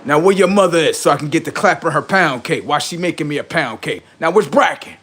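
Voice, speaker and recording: Man, livestream host, rather high voice, taunting, heavily profane, boastful. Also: fast talker, fairly bright tone, breathy edge.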